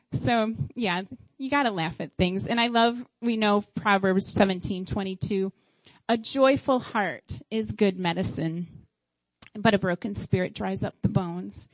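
Speaking at a measured pace in a mid-range voice, a middle-aged woman recounts stories about raising her family during a relaxed faith-based talk, performing her past lines with animation. The audio is poor but has no echo.

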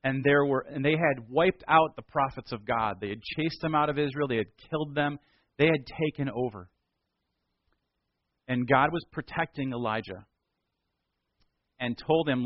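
A man's voice: mid-range voice, normal speed, long pauses, no room sound, dull audio. A male pastor retelling a Bible story in a casual, conversational sermon.

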